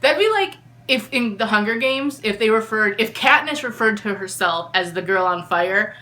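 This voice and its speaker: Bright-voiced exasperated woman reviewer. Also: medium pitch, expressive, normal speed. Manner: exasperated, opinionated critique. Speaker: book reviewer. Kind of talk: casual book review vlog.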